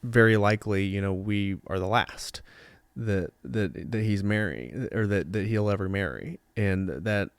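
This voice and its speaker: A young adult man co-hosting a podcast, talking casually in halting phrases with many "you know"s. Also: on the low side, clear, resonant tone, no echo. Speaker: podcast co-host. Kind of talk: casual chat.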